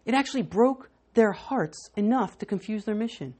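A woman pastor preaching a sermon, emphatic, often repeating words and swinging between loud and hushed. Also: medium pitch, animated, normal speed, breathy edge.

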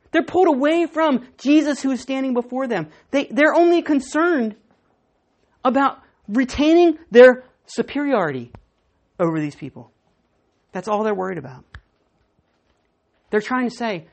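A woman pastor preaching a sermon, emphatic, often repeating words and swinging between loud and hushed. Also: on the high side, lively intonation, moderate pace.

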